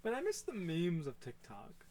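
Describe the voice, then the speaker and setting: A young man with a high voice and a lively pitch chats on a podcast. He's mostly dry and understated, answering with short low-key replies. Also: moderate pace, slight background noise. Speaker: podcast co-host. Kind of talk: casual chat.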